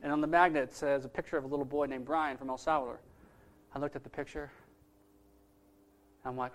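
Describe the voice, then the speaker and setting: A man, a pastor, telling a story in a sermon with lively, casual delivery that swings between loud bursts and hushed moments. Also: mid-range voice, a little fast, long pauses.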